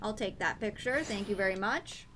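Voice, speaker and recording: A woman's voice: mid-range voice, moderate pace, noisy background. A young woman streaming a game, chatting casually in a playful, giggly way. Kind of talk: casual gaming stream chat.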